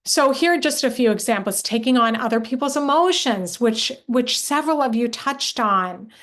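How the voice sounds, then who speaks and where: In a live online workshop, a middle-aged woman who coaches moms talks earnestly and encouragingly, asking her listeners questions directly. Her voice sits on the high side and a bit bright, at a moderate pace.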